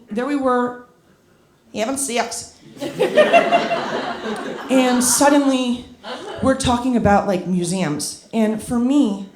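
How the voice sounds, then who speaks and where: A young woman in her twenties doing a stand-up set, rambling and self-deprecating, swearing freely and jumping into loud acted asides. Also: on the high side, background noise. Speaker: stand-up comedian. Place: comedy club stage with a laughing audience. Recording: roomy club sound with crowd laughter.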